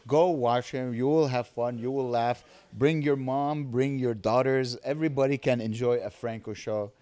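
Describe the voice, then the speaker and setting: A male podcast host, chatty and eager, laughing along with his guest. His voice is mid-pitched and recorded close and dry. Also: fairly even intonation, mellow, no room sound. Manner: eager, quick to laugh, agreeable. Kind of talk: casual podcast chat.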